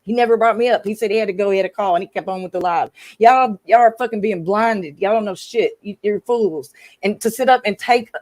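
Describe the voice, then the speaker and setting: A woman's voice: medium pitch, fast, a little mellow, no echo, rough recording. A woman from Arkansas hosting a livestream panel, ranting angrily and with heavy profanity at chat viewers. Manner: angry, profane, talks straight to chat viewers. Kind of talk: heated livestream rant.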